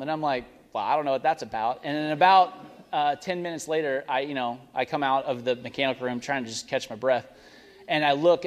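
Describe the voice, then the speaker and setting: A young adult male pastor giving a casual, rambling sermon story and prayer, often stopping to correct himself. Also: on the high side. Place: church sanctuary. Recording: long reverb of a church hall.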